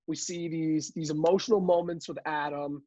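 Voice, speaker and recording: A man co-hosting a casual podcast, relaxed and quick to laugh. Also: fairly high pitch, dry recording. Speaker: podcast co-host. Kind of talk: casual chat. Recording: dry, dull lo-fi mic.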